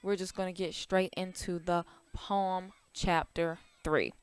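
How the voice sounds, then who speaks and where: A woman teaching a recorded language arts class to young children, upbeat and encouraging, explaining each step slowly. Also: on the low side, fairly even intonation, clean tone, no room sound.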